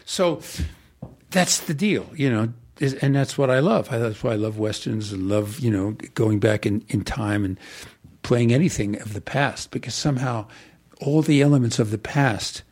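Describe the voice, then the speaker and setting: An older man, an actor, telling rambling, animated stories in an interview. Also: medium pitch, unhurried. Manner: animated, digressive storyteller. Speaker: actor guest. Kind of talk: rambling anecdotal interview talk.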